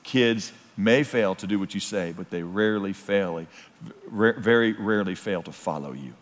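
A man's voice: fairly low pitch, moderate pace. Preaching man in a reverberant hall. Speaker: pastor. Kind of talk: sermon.

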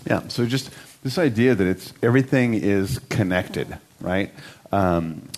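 Middle-aged guy with a lowish voice, chatty church talk, pokes fun at himself. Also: animated, measured pace, darkish tone. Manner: conversational, self-mocking storyteller.

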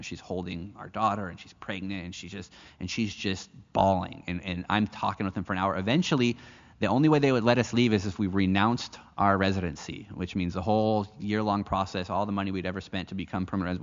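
A man from the United States preaching a sermon, telling a personal story in an earnest way and often restarting his phrases. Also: sits low. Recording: echoey hall, dull lo-fi sound.

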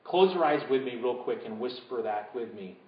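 Pastor preaching, lifts to loud peaks then goes hushed, muffled echoey sound. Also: male voice, mid-range voice, lively intonation, normal speed, background noise. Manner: preaching with rising, emphatic build-ups; drops to a hushed voice leading a congregation. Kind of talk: sermon. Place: church sanctuary. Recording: roomy, dull church recording.

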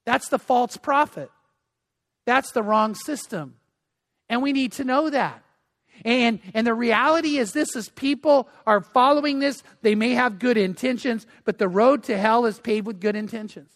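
A man's voice: extremely high pitch, moderate pace, fairly bright tone, long reverb tail. An older man, a grandfather, preaching a sermon as pastor, earnest and repeating phrases for emphasis. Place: church.

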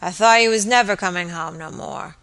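A woman reading an audiobook, voicing a surly drunken male innkeeper with a thick, slurred voice and rough dialect. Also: mid-range voice, a little slow, sharp tone. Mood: drunken sneer. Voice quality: thick, slurred, muffled with drink. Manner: growling, sneering, rough dialect.

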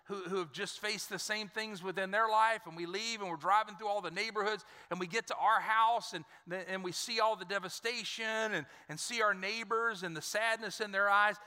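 A man's voice: sits high, steady tone, moderate pace, few pauses, sharp tone, smooth. A man preaching a sermon to his congregation, emphatic and repeating words, calling out for responses. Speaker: pastor. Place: church sanctuary. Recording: church hall reverb.

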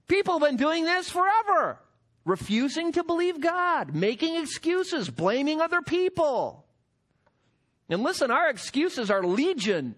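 A man's voice: very high-pitched, big pitch swings, moderate pace, a bit bright. A man preaching a sermon as pastor, emphatic and full of rhetorical questions.

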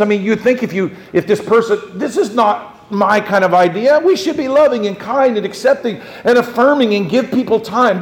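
Pastor, male, high voice, animated emphatic sermon delivery with rhetorical questions.

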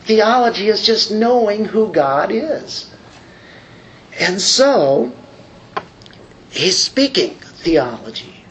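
A man preaches a sermon conversationally, his voice sitting high and sing-song, with poor audio and a little hiss or hum. He stretches out key words for emphasis, drifts into asides, and uses frequent fillers and restarts.

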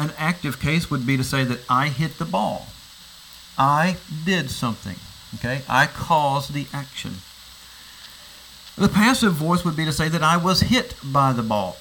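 Pushed and bright at a fairly high pitch, a male pastor delivers a teaching sermon on a passage, firing off rhetorical questions and often repeating words as he restarts. The low-quality recording carries slight background noise.

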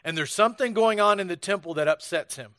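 An American man who is a pastor preaches fast in a high, bright, forceful voice, and there's no echo. His sermon is told through stories in a conversational manner, with frequent restarts.

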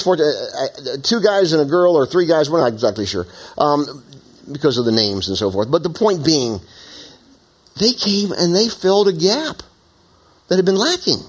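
Animated preaching man, fairly high voice. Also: breathy edge. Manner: animated, conversational preaching with frequent asides. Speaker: pastor. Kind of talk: sermon. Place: church meeting in an opera house.

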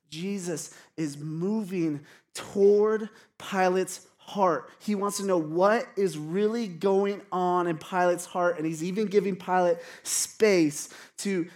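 Pastor preaching casual-like, chatty, keeps asking the crowd stuff. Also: mid-range voice. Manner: casual, conversational, asks the congregation questions. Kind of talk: sermon.

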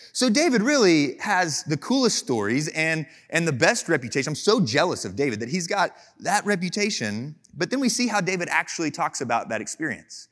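A pastor from Texas delivering a sermon, his voice sitting a touch higher than most men's. He moves between Bible reading and loose, animated storytelling with a joking edge, speaking casually and freely.

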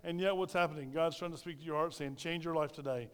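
A man's voice: on the high side, steady tone, fast, a bit bright, clear, resonant tone, big-room sound. A middle-aged male pastor preaching a sermon into a microphone in a church, telling stories, repeating phrases and asking the congregation questions. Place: church sanctuary. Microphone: handheld microphone.

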